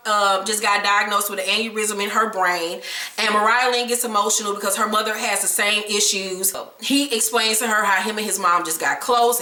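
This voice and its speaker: A woman gives a blunt, gossipy recap of a reality show, full of profanity. Her voice is bright and a little high. She sounds echoey and somewhat far from the mic. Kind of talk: sassy episode recap commentary.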